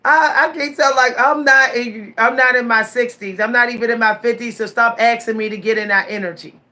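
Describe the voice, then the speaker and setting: A woman in her forties telling stories straight to her viewers in a casual vlog, animated, repeating her words and laughing often. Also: a little high, fairly quick. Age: 40s. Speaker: vlogger.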